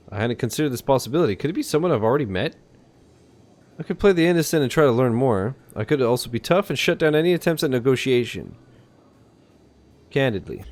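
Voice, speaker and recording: A man's voice: medium pitch, lively intonation, fast, darkish tone. A male streamer reading a visual novel aloud steadily, with occasional hesitations.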